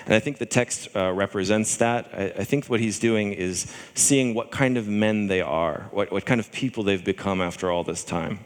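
Low-voiced man preaching in a hall. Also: normal speed, few pauses. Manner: conversational, with fillers and restarts, acting out scripture voices. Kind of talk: sermon.

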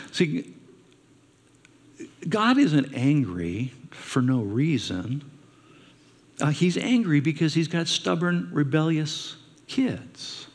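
A man's voice: a little high, gravelly, husky. A man preaching a sermon as a pastor, telling stories and asking his listeners rhetorical questions. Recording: long reverb of a large hall.

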